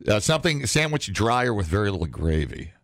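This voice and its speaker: A man co-hosting a casual radio show, animated and quick to burst into loud rants and laughs. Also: on the low side, no echo, studio quality. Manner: animated, swings into loud outbursts, laughs often. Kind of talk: casual morning show banter.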